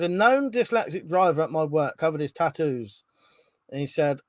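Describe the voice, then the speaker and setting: A chatty man on a live stream, reading out comments from viewers and laughing along. His voice sits a little high for a man. The sound is dry and close, with no room echo. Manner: chatty, laughs often, swears casually.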